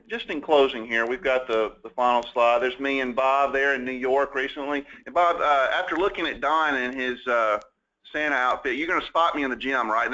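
Male host, chatty questions, bright tense voice, muffled audio. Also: mid-range voice. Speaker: interview host. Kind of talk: casual business interview.

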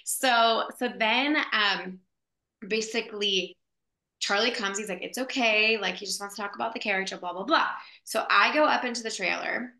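Bright echoey woman telling a story. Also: medium pitch, normal speed. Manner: animated, lots of fillers. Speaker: actress guest. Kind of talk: casual storytelling in an interview. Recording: echoey room.

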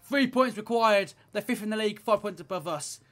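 A young man giving play-by-play commentary on his own football video game, swinging between low grumbling and shouted excitement. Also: fairly quick. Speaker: gaming YouTuber playing football career mode.

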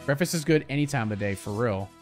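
A man's voice: mid-range voice, expressive, fast talker, a little mellow, faint music behind. A man chatting casually with viewers during a game livestream, reacting to gameplay and reading chat aloud. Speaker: game streamer.

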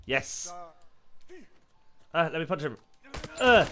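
A young British man giving casual commentary while playing a multiplayer game, excitable and swearing freely. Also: mid-range voice, normal speed, a little hiss or hum. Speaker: gamer.

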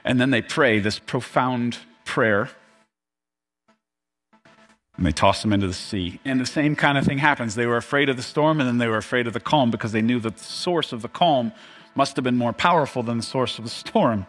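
Pastor guy preaching, lively and laughing a lot, acts out bible characters, soft music under it. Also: mid-range voice, normal speed. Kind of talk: sermon.

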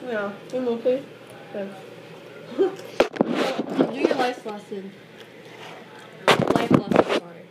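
A young woman vlogging casually while cooking at home, playful and quick to shout back. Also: fairly high pitch, far from the mic. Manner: playful, loud bursts of yelling back. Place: home kitchen. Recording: echoey kitchen, loud background noise.

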